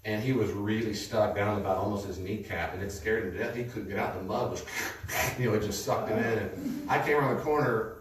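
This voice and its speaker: A man teaching a class in a conversational way, telling stories with a lively manner to a live audience. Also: on the low side, brisk. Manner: lively storytelling, lecturing. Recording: echoey room, distant mic, faint noise.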